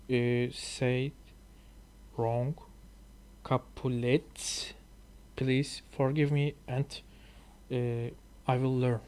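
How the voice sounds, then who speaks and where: A man reading a book aloud slowly as an English learner, halting and hesitant, soft-spoken and sometimes drifting into a whisper. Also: fairly high pitch. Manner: halting, hesitant, apologetic about mistakes. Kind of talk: slow reading aloud for sleep.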